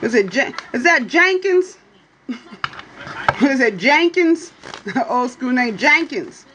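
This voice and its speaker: A woman hosts a casual livestream, reading for viewers and talking straight to them in a teasing, playful way, often asking "you hear me?" She takes it slowly with lively intonation, drawling and swooping into high exclamations, and there's background noise.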